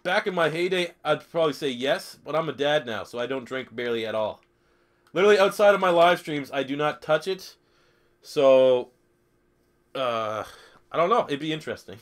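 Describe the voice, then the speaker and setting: Young dude streaming football game, swears a lot, jokey, kinda high voice. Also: male voice, lively intonation, moderate pace. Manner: profane, joking, reads chat aloud. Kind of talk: casual live stream commentary.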